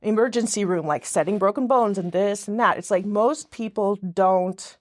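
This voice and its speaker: A woman guest on a podcast speaks at normal speed in a mid-range voice. Her casual conversation rambles, and she often interrupts herself, breaking off and restarting mid-sentence.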